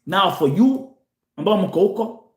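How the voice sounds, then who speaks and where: This Kenyan show host has a high, expressive voice that's a little slow and a little mellow, with reverb around it. Addressing viewers live, he talks animatedly, alternates between Swahili and English, and says things more than once.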